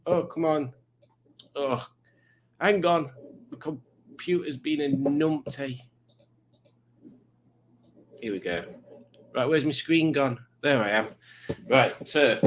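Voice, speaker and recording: A man's voice: on the high side, slow, pauses often, noisy background. A man hosting a live stream, chatting casually and reading out viewer messages in silly voices. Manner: joking, reads chat messages aloud in silly voices. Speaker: livestream host.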